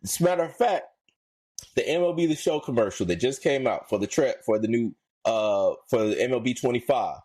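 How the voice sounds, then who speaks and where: A man co-hosting a podcast, ranting in slangy casual talk, his voice climbing high when worked up. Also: expressive, a little fast, a little mellow. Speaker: podcast co-host.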